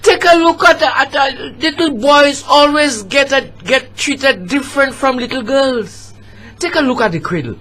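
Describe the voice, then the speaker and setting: A man with a St. Lucian accent performing a spoken-word poem, rhythmic and dramatic, swelling into shouts. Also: very high voice, a little slow. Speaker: storyteller and poet.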